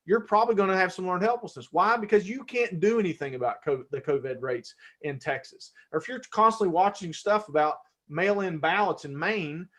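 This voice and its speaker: A man presenting a live-streamed workshop in a conversational way, restarting words and now and then getting fired up. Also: sits high. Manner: conversational, self-correcting, gets fired up.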